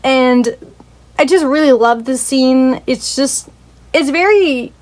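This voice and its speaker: A woman's voice: sits high, slow pace. A young woman casually retelling a story for a video review, rambling with lots of "like" and swearing, and gushing about how sad it was. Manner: emotional, gushing.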